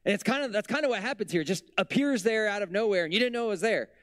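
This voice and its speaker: A man preaches in a loose, conversational way, dropping in jokes and asides. His voice sits a touch high and rises and falls with emphasis. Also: racing. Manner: conversational, humorous asides, lively pitch swings. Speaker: pastor. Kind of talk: casual sermon.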